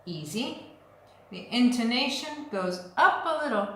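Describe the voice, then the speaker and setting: Slow-speaking woman teaching English, echoey room. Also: on the high side, very animated, bright, forceful tone. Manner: patient, drills phrases for repetition. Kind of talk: slow, clear language lesson.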